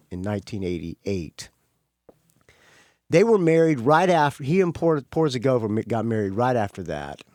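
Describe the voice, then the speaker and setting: A man's voice: medium pitch, no echo, clean studio sound. A middle-aged man hosting a podcast, talking casually and rambling, often correcting himself as he goes. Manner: rambling, self-correcting, offhand. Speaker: podcast host.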